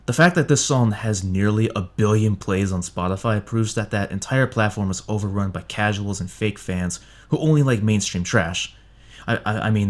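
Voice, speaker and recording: A man ranting through a blunt, sarcastic review of songs, swearing heavily. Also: mid-range voice. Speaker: music reviewer. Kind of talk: profane ranting review monologue.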